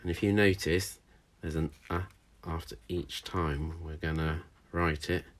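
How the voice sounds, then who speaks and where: A male primary school teacher giving a recorded handwriting and phonics lesson, encouraging and sounding out letters slowly for young children. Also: a bass voice, fairly even intonation.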